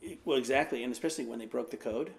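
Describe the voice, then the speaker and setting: A man's voice: mid-range voice, rapid-fire, gravelly. A man, an American pastor, telling a rambling personal anecdote in a casual way, with lots of fillers. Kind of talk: casual storytelling.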